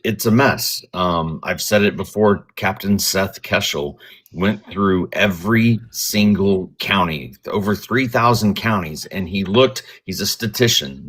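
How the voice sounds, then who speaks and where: Very deep-voiced halting man. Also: bright, forceful tone. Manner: halting, many ums and restarts. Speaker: panelist on a live show. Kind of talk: casual political chat.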